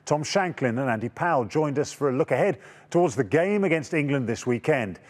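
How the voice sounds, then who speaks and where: Male sports TV host, mid-pitch, jokey interviewer. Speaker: TV rugby show presenter. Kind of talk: broadcast hosting and interviewing. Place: TV studio.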